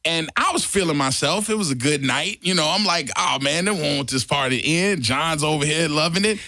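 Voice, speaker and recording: A man in a radio studio, telling a story in casual chat and acting out quotes with loud bursts. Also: a little high, a little fast, no echo. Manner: animated storyteller, acts out quotes loudly. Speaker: radio DJ guest.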